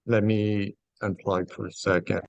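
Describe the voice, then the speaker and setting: An older man with a gravelly voice on a video call, speaking slowly and fumbling with his audio settings. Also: fairly low pitch, flat delivery, darkish tone, no room sound, dull audio. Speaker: class participant.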